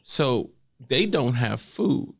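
A man's voice: medium pitch, big pitch swings, slow pace, gravelly. Blunt, teasing male co-host. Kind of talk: casual storytelling chat.

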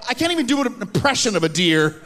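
A Canadian man doing a stand-up comedy set on a theater stage, animated and acting out little scenes and voices. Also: high-pitched, quick pace, background noise. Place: theater stage with live audience.

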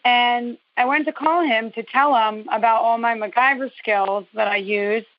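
A woman caller from New Jersey with a fairly high voice, telling a long story in a rambling, detailed way with a sarcastic edge. Her voice comes through dull and lo-fi, dry and close with no room sound. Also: moderate pace, no room sound. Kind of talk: phone-in storytelling. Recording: dull, dry lo-fi call audio.

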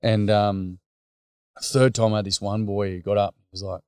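A man's voice: lowish voice, flat delivery, normal speed, a little mellow, clear, resonant tone, no echo, studio quality. A man with an Australian accent, a workshop facilitator, speaking frankly and casually in an interview, acting out quotes as he tells stories. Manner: blokey, frank, storytelling with acted quotes.

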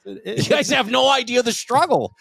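A man hosting a podcast, loud and laughing, swearing often with mock exasperation. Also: extremely high pitch, animated, moderate pace, vocal fry, no room sound. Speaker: podcast host. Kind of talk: crude casual banter.

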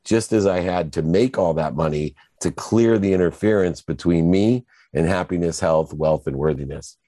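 Deep-voiced, emphatic middle-aged man. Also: normal speed, dry recording. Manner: emphatic, animated storyteller. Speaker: guest. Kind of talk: storytelling interview talk.

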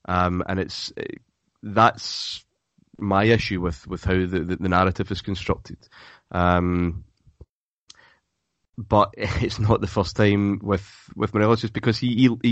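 A man's voice: sits low, dry recording, muffled recording. A man co-hosting a casual football chat podcast, often restarting his sentences and repeating words. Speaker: podcast co-host.

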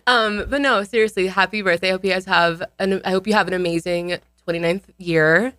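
Woman friend, slightly low voice; earnest, rambling toast; dry recording. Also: steady tone, fairly quick, fairly bright tone, no echo. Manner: rambling, heartfelt, restarts often. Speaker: friend and colleague. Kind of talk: casual chat, birthday toast.

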